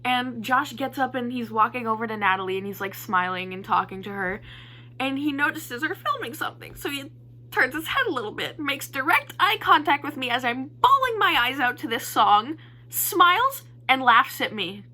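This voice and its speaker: A young woman vlogger telling a casual storytime in an animated, excitable way, poking fun at herself. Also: sits high, normal speed. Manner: animated, excitable storytelling with playful self-mockery.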